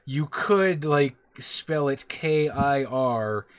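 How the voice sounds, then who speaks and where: A man running a tabletop game as game master, talking in a relaxed, loose and sometimes profane way. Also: medium pitch, very slow, clear, resonant tone, no room sound. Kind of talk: casual chat running a tabletop session.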